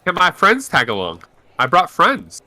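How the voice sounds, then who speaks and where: A man's voice: high-pitched, wildly swooping pitch, measured pace, pushed and bright, no room sound. A man taking part in a tabletop role-playing game, chatting with the others in an eager way. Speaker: player. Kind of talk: casual tabletop play.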